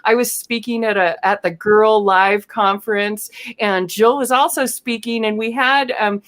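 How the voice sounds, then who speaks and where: A woman hosting an online talk show, introducing guests in a chatty, enthusiastic way with frequent pauses to search for words. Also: on the high side, fairly even intonation, fairly bright tone. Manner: chatty, enthusiastic, many um fillers. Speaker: host.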